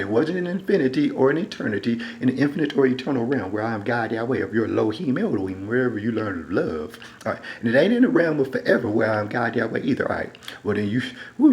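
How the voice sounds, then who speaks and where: A man delivering a rambling, repetitive monologue into a phone, dropping to a low mutter and then rising into loud, emphatic bursts. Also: poor audio. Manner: repetitive, keeps saying "all right". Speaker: self-styled preacher.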